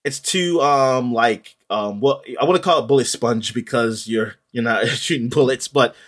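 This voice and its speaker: A man's voice: medium pitch, normal speed, fairly bright tone. A man chatting casually in a podcast, rambling with many ums and restarts. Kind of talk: casual chat about video games.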